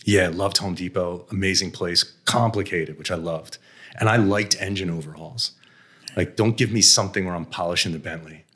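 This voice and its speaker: A man's voice: deep voice, moderate pace, fairly bright tone, slightly rough. A middle-aged American man, blunt and self-deprecating, telling candid stories about his career with frequent laughs and some mild swearing. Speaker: interview guest, venture investor. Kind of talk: candid conversational storytelling.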